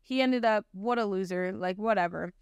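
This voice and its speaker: A young woman in her twenties shares her personal testimony on a podcast, talking in a loose, filler-heavy ramble that turns earnest and emotional. Her voice is smooth and clear at an everyday middle pitch, recorded dry and close. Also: moderate pace, no echo, dull audio. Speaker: podcast host. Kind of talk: personal testimony, casual chat.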